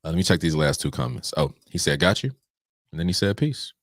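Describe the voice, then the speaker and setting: A man's voice: rumbling low, fast talker, dry recording, studio quality. A man hosting a live pre-market trading stream, talking straight to his viewers with playful, preachy energy. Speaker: trading show host.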